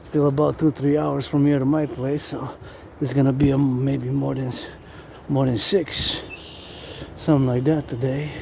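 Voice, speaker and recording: A man's voice: mid-range voice, flat delivery, normal speed, vocal fry, a little mellow, a little hiss or hum. A man who chants sing-song marching cadences outdoors by a river and then rambles loosely between chants. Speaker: vlogger.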